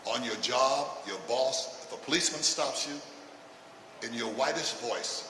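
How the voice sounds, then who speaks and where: A man's voice: medium pitch, measured pace, bright, forceful tone, recorded from a distance. A man doing a stand-up routine for a live audience, punchy and laughing through his own lines as he jabs at the crowd. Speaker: stand-up comedian. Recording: echoey hall with audience noise.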